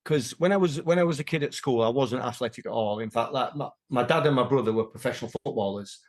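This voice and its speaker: A man's voice: mid-range voice, fast talker. Man telling stories casually. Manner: animated storyteller, acts out quoted voices. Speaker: interview guest, martial artist. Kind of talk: casual conversational storytelling.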